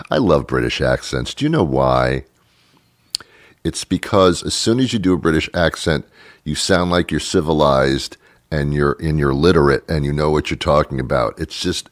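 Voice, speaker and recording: A man's voice: a bass voice, dry recording, studio quality. A man hosting a talk show, speaking in a sarcastic, rambling way and laughing often. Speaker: radio talk show host. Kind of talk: casual monologue.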